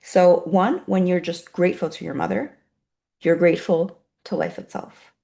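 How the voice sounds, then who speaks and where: A woman guides a meditation in a soft, unhurried voice, then turns to teaching an online group. Her voice sits fairly low and has a gravelly edge. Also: steady tone. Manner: soft, slow and soothing while guiding, then brisker reading out chat replies. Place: online video session.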